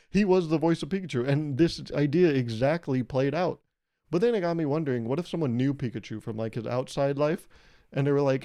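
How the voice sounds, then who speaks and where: A man's voice: a little high, fairly quick, warm tone. A man hosting his own comedy podcast alone, rambling through jokey asides in a self-deprecating way. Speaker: podcast host. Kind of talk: solo comedic podcast monologue.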